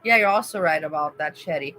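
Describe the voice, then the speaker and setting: A woman's voice: low-pitched, fast talker, fairly bright tone, low-quality recording. A young woman chatting casually on a livestream, emotional and rambling as she talks to her viewers by name. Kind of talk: casual live-stream chat.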